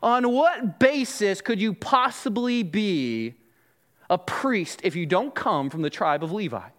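A man's voice: sits high, lively intonation, a little slow, fairly bright tone. A man voicing a proud, boastful Levite priest who speaks in a rude, challenging way, within a sermon.

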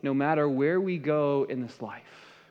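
A man preaching a sermon as pastor, swinging between impassioned emphasis and hushed, softened passages. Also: fairly high pitch, a little slow, clean tone. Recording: dull sound with long hall reverb.

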